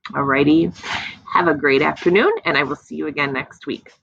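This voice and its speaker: A woman teaching young children an early reading lesson, slowly sounding out letters with playful asides. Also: low-pitched, fairly even intonation, gravelly, a bit bright, no room sound, lo-fi sound.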